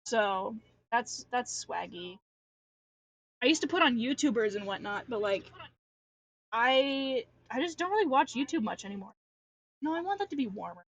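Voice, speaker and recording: A woman's voice: fairly high pitch, animated, moderate pace, long pauses, highs cut off, a little hiss or hum. A young adult woman chatting casually on a livestream while drawing, rambling and ranting with lots of filler and restarts. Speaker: artist streamer.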